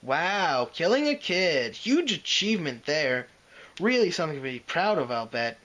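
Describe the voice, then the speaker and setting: A man's voice: on the high side, big pitch swings, normal speed, fairly bright tone. A man voicing Spike, a young boy dragon who is frightened but talks back defiantly. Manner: pleading, retorting, insolent.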